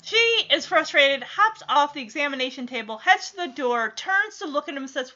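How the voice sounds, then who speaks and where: A woman's voice: high-pitched, lively intonation, a little fast, few pauses, sharp tone. A woman giving casual, sarcastic running commentary while watching a film, laughing often. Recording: slightly dull lo-fi audio.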